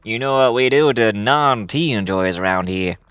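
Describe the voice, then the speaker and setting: A threatening male mafia gangster, voiced by a woman, dropped far below her own pitch. He drawls slowly with a Texan twang, and his tone swings widely from growls to rising jeers. The sound is close and dry, with faint music underneath. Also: lively intonation, a bit bright, smooth, dry recording. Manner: threatening, drawn-out tough-guy talk with a Texan twang. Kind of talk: playful voice bit on a livestream.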